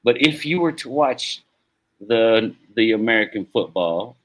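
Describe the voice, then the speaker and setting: A man's voice: fairly low pitch, expressive, measured pace, rough recording. A man hosting a live stream, chatting casually about sports in a rambling, laid-back way and swearing now and then. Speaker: stream host.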